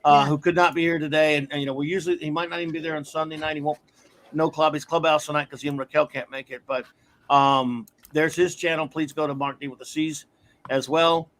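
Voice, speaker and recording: A man's voice: on the high side, little pitch movement, brisk, a bit bright. A man hosting a casual live stream, enthusiastic and a bit flustered, talking through a computer mic. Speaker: host.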